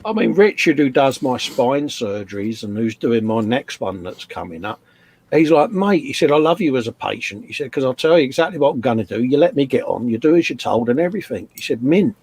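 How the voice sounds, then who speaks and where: A man's voice: medium pitch, lively intonation, brisk, darkish tone, breathy edge. Male host, easygoing chatter over a hobby build, says "mate" a lot. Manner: chatty, reads out viewer names, says "mate". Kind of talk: casual live-stream chat while building a model kit.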